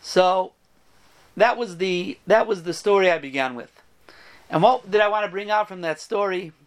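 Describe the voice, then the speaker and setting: High-voiced man telling a parable. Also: normal speed. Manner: animated storyteller, voices the characters. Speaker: rabbi giving a Torah talk. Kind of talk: storytelling sermon.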